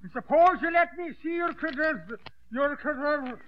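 Blustery Irish-brogued guard. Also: male voice, very high-pitched, normal speed. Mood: gruff. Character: blustery Irish stadium guard, middle-aged man. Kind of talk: 1940s radio comedy acting. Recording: dull old radio recording with faint hiss.

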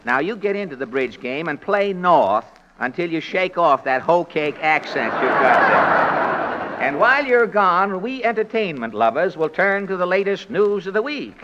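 Male comedian host, wry quick patter, lively pitch, 1940s radio comedy, lo-fi broadcast. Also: heavy background noise.

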